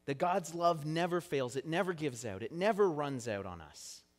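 A man's voice: fairly high pitch, expressive, moderate pace. A man preaching a conversational sermon in a church, earnest and chatty, drawing the congregation in to repeat words with him. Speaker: pastor. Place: church sanctuary. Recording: long church hall reverb.

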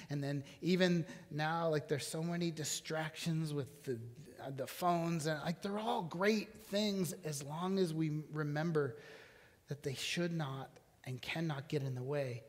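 Male pastor, thirties, chatty sermon to the room, slightly high voice, hall echo. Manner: conversational, asks the congregation questions. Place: church hall. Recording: long hall reverb.

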